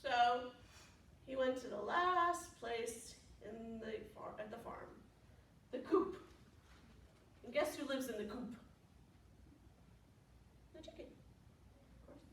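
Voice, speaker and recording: Heard from afar in a roomy library space, a librarian sing-songs a story to preschoolers and stops now and then to question the kids. Her voice is fairly high and fairly bright, slow with long pauses, and there's a little hiss or hum.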